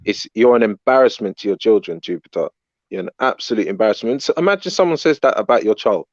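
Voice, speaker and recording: A man's voice: fairly low pitch, lively intonation, fast, no room sound. A man speaking indignantly and reproachfully in a heated online debate. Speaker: debate participant. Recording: dull lo-fi audio.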